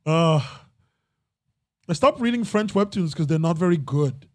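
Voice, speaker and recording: A man's voice: fairly high pitch, animated, unhurried, darkish tone, no echo, clean studio sound. A young man hosting a casual podcast chat, rambling and breaking off mid-sentence, often laughing at himself. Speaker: podcast host.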